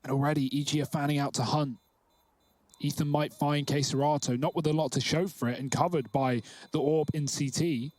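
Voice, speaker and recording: A man calling a live esports match with quick, analytical play-by-play. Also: on the high side, steady tone, darkish tone, no echo. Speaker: esports caster. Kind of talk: live game commentary.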